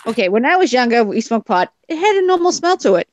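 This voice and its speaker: A woman's voice: fairly high pitch, sing-song, quick pace, a little mellow, highs cut off. A middle-aged woman in casual chat, speaking bluntly and emphatically. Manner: blunt and emphatic, punctuating with "okay?".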